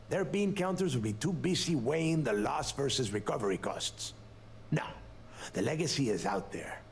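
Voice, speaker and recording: A man's voice: medium pitch, a little hiss or hum. A man voicing a commanding, impatient male pirate boss in a video game, giving curt orders. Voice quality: gravelly. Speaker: game character.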